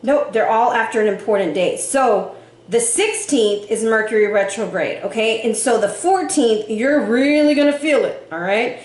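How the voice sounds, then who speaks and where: A woman giving a casual tarot reading, animated and sassy, with casual swearing. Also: on the high side, normal speed, echoey room. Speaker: tarot reader.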